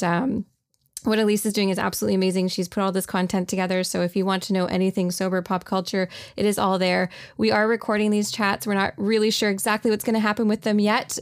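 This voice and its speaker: A woman's voice: mid-range voice, no echo, studio quality. A woman with a Canadian accent hosting a casual audio chat room in a bubbly, upbeat manner. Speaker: room host.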